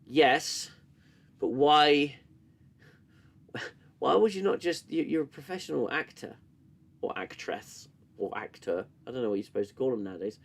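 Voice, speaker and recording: With a medium-pitched, gravelly, expressive voice, the host talks at a moderate pace and pauses often. His TV-show review on a live stream is sarcastic and full of swearing as he reads chat and mocks scenes, interrupted by coughing fits.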